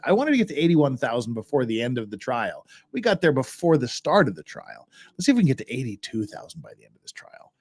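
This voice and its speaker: A man's voice: fairly high pitch, a little mellow. A man hosting a livestream, chatting casually and thinking aloud as he goes through documents. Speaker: livestream host.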